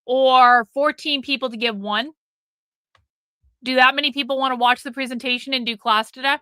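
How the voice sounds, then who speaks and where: A high, bright-voiced woman hosts a live stream, talking casually and bluntly to her chat with plenty of swearing. Her voice sits close and dry, with no room sound around it. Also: steady tone, moderate pace, smooth, dry recording. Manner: profane, blunt, nags the chat.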